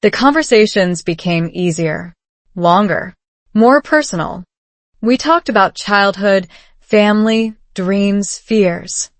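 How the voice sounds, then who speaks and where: A woman giving calm, measured scripted narration of a story for English learners. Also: mid-range voice, dry recording.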